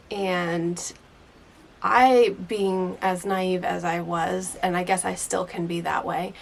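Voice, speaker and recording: Lady in her 30s telling a story, gravelly fry in her voice, super chatty, says like a lot. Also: fairly low pitch, a little hiss or hum. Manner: chatty, leans heavily on "like" and "you know". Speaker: hairdresser and vlogger. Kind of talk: casual storytelling.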